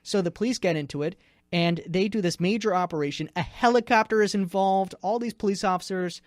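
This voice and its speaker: A man's voice: high-pitched, a little fast, no echo. Tired male co-host for a local radio chat show, rambling and jokey storyteller, dry studio sound. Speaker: news director, co-host. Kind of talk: casual chat, telling a news story.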